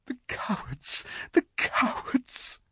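A man reading a storybook aloud, voicing a young girl who sobs in a breathy, airy voice. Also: slow, pushed and bright, no echo, studio quality. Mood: sobbing. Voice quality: breathy, unvoiced. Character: grieving young girl, sobbing.

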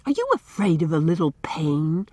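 A woman's voice: on the high side, big pitch swings, normal speed, breathy edge, dry recording, pitched above the performer's own voice. A woman voicing a bold, self-assured young girl with a lofty, airy, matter-of-fact manner.

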